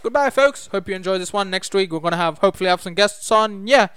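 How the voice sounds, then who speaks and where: A man's voice: sits high, lively intonation, fast talker, fairly bright tone, clear, resonant tone, dry recording. Chatty young man, solo podcast host. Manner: rambling, self-deprecating, laughs often. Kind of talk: casual solo podcast chat. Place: home study room.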